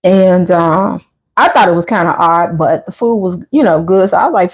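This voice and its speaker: A chatty livestream host speaks in a medium-pitched woman's voice at a normal pace. She reads live comments and tells stories casually, adding lively voiced asides.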